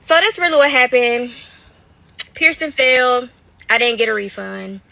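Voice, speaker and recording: A woman's voice: a little high, expressive, moderate pace, vocal fry, bright, forceful tone, no room sound. A woman telling her story in a casual, rambling, slangy way with lots of swearing and fillers, on a dry, close phone recording.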